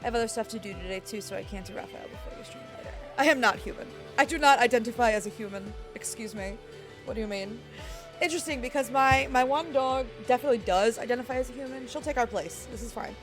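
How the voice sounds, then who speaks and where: A woman streaming and chatting casually, rambling and reading chat aloud, her voice croaky and worn out. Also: fairly high pitch, fast talker. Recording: faint music underneath.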